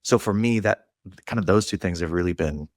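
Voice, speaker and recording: A man's voice: deep voice, a little fast, a little mellow, no echo, clean studio sound. A man in his late thirties hosting a podcast interview, talking earnestly and candidly about his worries. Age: 30s. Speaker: podcast host. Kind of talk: casual interview chat.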